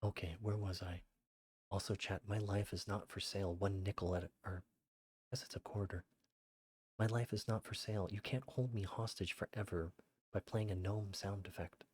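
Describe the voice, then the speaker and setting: A man streaming a game as a VTuber, reading viewer messages aloud in a flat, rattled-off list and sounding exasperated. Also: sits low, normal speed, breathy edge, dry recording, studio quality. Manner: exasperated, rambling. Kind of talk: casual livestream chat while gaming.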